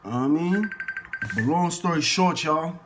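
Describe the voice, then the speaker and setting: A man's voice: on the high side, measured pace, noisy background. Slangy New man telling a story. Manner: slangy and profane, acts out quoted people in lively bursts. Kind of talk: casual storytime monologue.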